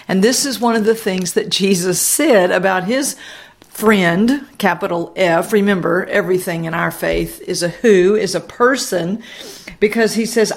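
Earnest woman preaching on a podcast. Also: on the low side. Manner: earnest, emphatic preaching with slowed, drawn-out phrases. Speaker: podcast host. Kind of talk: spoken devotional teaching.

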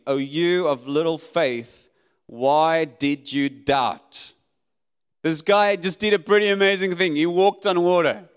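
A man's voice: a little high, clean tone. A man preaching a sermon, earnest and conversational, reading and paraphrasing scripture in a church.

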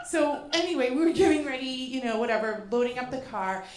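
In a live show venue with roomy echo, a Boston woman tells a comic personal story, animated and profane with self-mocking asides. Her voice is high and her pace brisk.

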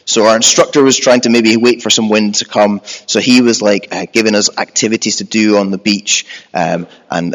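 Young man, preacher, laid-back self-mocking storytelling, slightly low voice, long hall echo. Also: brisk, hardly any pauses. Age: 20s. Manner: relaxed, self-deprecating storytelling. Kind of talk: storytelling sermon.

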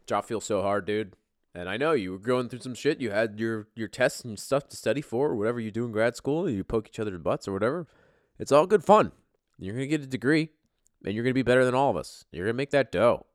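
A man hosting a podcast in casual, profane banter, excitable and swearing, with sudden jumps in volume. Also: mid-range voice, fast, no echo, clean studio sound. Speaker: podcast host.

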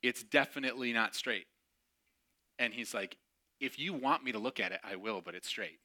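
A man's voice: mid-range voice, normal speed, sharp tone. A middle-aged man preaching a sermon as a casual, self-mocking story, acting out the other people's lines and laughing at his own jokes. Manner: chatty, self-mocking, acts out dialogue with laughs. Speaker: pastor.

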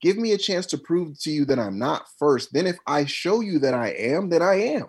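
Emphatic husky-voiced man. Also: on the high side, sing-song, moderate pace. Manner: emphatic, insistent, repeats himself. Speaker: podcast co-host. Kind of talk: casual chat.

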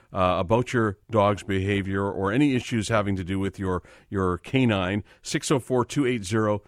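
Low-voiced male radio host, dry studio. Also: no room sound. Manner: polite, apologetic, reads phone numbers. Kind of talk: radio talk show hosting. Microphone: studio microphone.

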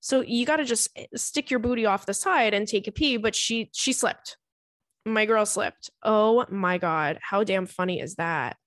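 A woman, hosting a podcast and reading listener stories aloud in an animated, swearing, laughing way. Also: mid-range voice, dry recording, clean studio sound. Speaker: podcast host.

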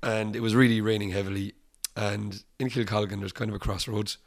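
In this interview, an Irish musician with a lower voice and noticeable vocal fry speaks fairly quickly. He acts out quoted voices as he relates lively, offhand anecdotes, laughing along the way.

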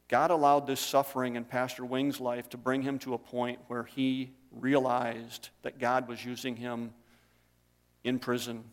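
A man preaches to his congregation, telling stories in a plain, conversational way. His voice sits at an ordinary middle pitch. It rings out with the long reverb of a church hall. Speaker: pastor. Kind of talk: sermon.

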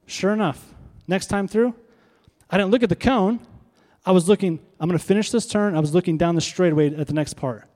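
A man's voice: sits high, fairly quick, darkish tone. A pastor preaching a sermon to his congregation, conversational, throwing rhetorical questions to the room. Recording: long reverb of a hall.

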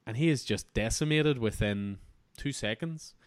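Man, comic book podcast host, casual review chat, enthusiastic and rambling, clear voice, dead dry sound. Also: mid-range voice, moderate pace, no echo.

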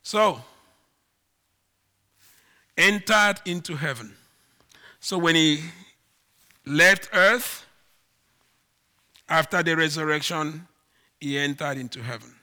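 A man preaching a sermon at a measured, unhurried pace. His slightly raised voice has a very bright, sharp edge. He leans on key words, rising and falling loudly for emphasis. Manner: slow, emphatic preaching with dramatic swings in pitch and volume. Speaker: pastor.

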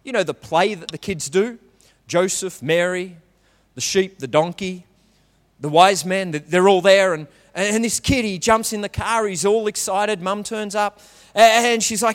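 A man's voice: high-pitched, a little slow, in a large hall. A man preaching a conversational sermon and asking the congregation questions. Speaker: pastor.

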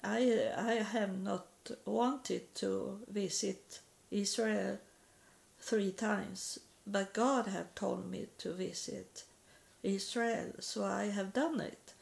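A woman from Sweden, giving a halting personal testimony in English and often repeating words. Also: medium pitch, fairly even intonation, vocal fry, a little mellow. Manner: halting, repeats words, non-native grammar.

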